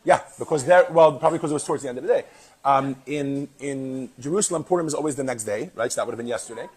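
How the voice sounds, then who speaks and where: A man with a New York accent teaches a class in a chatty, joking way. His voice is husky, and he talks at an even, middling pitch. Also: fast talker, rough recording. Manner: chatty, jokey. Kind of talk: classroom lesson.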